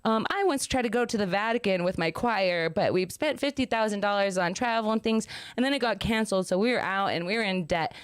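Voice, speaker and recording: A young woman hosting a casual podcast, spinning an animated story and laughing often as she goes. Her voice is smooth and clear, recorded close and dry with no room sound. Her pitch sits in an ordinary middle range. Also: fairly quick, few pauses, no echo. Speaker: podcast host.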